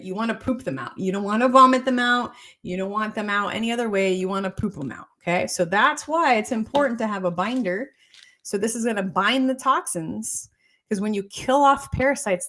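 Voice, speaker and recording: A woman's voice: medium pitch, a bit bright. A woman doctor giving a casual health talk, repeating points and checking in with her listeners as she explains. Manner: repetitive, keeps checking in with "okay?" and "right?".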